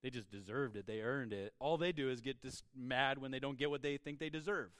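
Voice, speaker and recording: A man voicing a calm, gentle male religious teacher telling a parable, speaking softly and low. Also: fairly quick, no room sound, clean studio sound, close to an everyday voice. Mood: earnest. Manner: soft, low, hushed storytelling.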